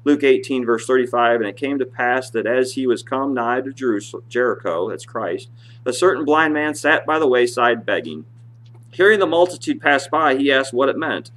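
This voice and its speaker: A male pastor preaching a sermon in church, reading scripture aloud in a rising voice and dropping low to explain it. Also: lively intonation, normal speed, fairly bright tone.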